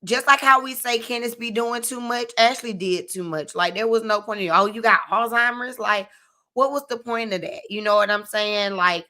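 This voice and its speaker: A woman's voice: a little high, normal speed, sharp tone. A young woman casually recapping a reality TV episode, talking straight to her viewers in a chatty, opinionated way. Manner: chatty, addresses viewers directly, frequent "like" and "you know what I'm saying".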